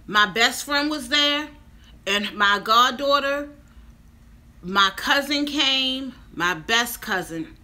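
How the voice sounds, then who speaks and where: Bright-voiced chatty woman in her fifties. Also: fairly high pitch. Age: 50s. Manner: chatty, addresses viewers directly. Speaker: vlogger. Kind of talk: casual storytelling vlog.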